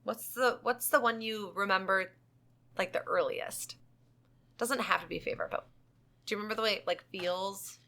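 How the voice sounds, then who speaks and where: A woman co-hosting a casual podcast with a bright, sharp tone. She rambles through her stories and giggles along the way. Her pitch is average for a woman. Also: steady tone, moderate pace, vocal fry. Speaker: podcast co-host. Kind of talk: casual chat.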